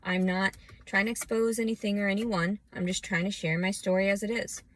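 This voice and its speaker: A woman vlogging a scattered, profane rant that swings from low muttering into shouting. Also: steady tone, fairly quick. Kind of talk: ranting personal monologue.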